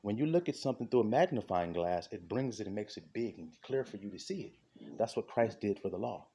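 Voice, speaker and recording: A man preaching an impassioned sermon, fervent and repetitive, with a husky voice. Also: on the low side, animated, fairly quick, mellow. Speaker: street preacher.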